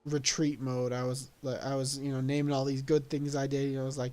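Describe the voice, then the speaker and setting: Animated young male storyteller. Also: medium pitch, fairly quick, few pauses. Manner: animated, laughing at his own story. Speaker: vlogger. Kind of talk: casual storytelling.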